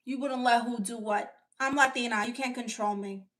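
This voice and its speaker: Woman, sassy aunt streamer, brash, teasing, a little high-pitched. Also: steady tone, moderate pace, a bit bright. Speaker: livestream host reading chat. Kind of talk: comedic livestream character chat.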